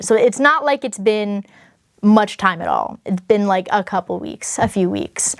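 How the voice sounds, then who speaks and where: A woman's voice: fairly high pitch, no room sound, studio quality. A young woman telling a personal story in a casual, chatty way, full of fillers and self-conscious asides. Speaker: vlogger.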